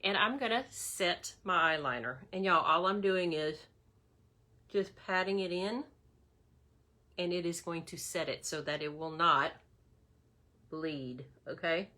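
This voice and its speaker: Woman, casual makeup demo host, bright chatty voice, calls viewers y'all. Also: fairly low pitch, unhurried, long pauses. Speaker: makeup demonstrator.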